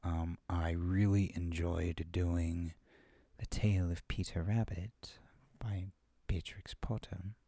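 Amateur male reader, casual chat, unhurried and rambling, dry close sound. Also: low voice, little pitch movement, warm tone, no echo. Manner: rambling, self-deprecating, with frequent fillers. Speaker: amateur reader of children's stories. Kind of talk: casual chat after a reading.

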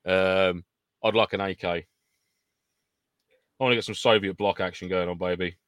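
A man's voice: deep voice, steady tone, moderate pace, fairly bright tone, smooth, dry recording, studio quality. A man co-hosting a casual live stream, chatty and jokey, with frequent laughter. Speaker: co-host of a live airsoft stream. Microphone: in-ear monitor or earpiece.

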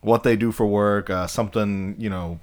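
Low-voiced man co-hosting a podcast. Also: fairly even intonation, moderate pace. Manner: crude, joking, swearing. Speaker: podcast co-host, prank caller. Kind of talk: casual chat.

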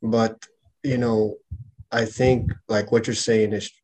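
Reflective low-voiced male podcast host. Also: flat delivery, slow, a little mellow, slight background noise. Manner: reflective, thinks aloud with many tag questions. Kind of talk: casual conversation.

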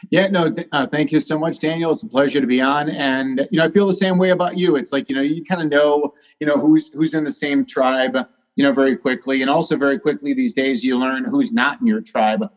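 A man's voice: mid-range voice, steady tone, brisk. A male doctor, a guest on a podcast, talking emphatically with many fillers. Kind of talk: interview talk. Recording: slightly dull, lo-fi sound.

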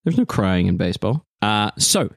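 An easygoing man explains the rules of a group game, relaxed and full of fillers. His pitch is mid-range. The sound is dry and close. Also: moderate pace, no echo. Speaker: game master.

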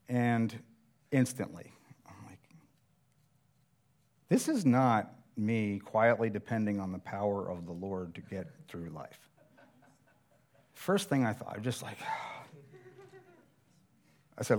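A man's voice: on the low side, expressive, measured pace, pauses often, darkish tone. A middle-aged man preaching a sermon, telling a personal survival story in a conversational, self-deprecating way.

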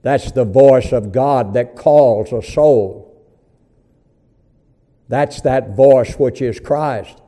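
Slow, mellow-voiced male preacher. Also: mid-range voice. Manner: slow, emphatic preaching with swells and drops in volume; calls listeners "hon". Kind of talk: sermon.

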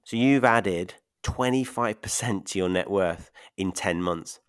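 Guy hosting a podcast, lowish voice, chatty and upbeat, laughs a lot, dry close sound. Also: unhurried, smooth, dry recording. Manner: upbeat, laughs often, explains figures step by step. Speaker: podcast host and property investment mentor. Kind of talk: casual podcast interview.

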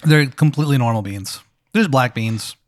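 A man hosting a podcast, casually spinning an improvised comedy hypothetical with deadpan swearing. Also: mid-range voice, fairly quick, no room sound. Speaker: podcast host.

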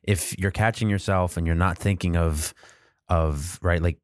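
A man's voice: low voice, steady tone, a little slow, no room sound, studio quality. A man chatting on a podcast, musing in a loose, self-deprecating way. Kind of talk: casual podcast chat.

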